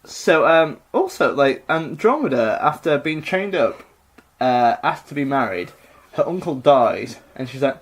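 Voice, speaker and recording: A man's voice: mid-range voice, very animated, a little slow, breathy edge. A man co-hosting a podcast, retelling a myth in a rambling, jokey way with lots of fillers. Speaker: podcast co-host. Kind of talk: casual comedic myth retelling.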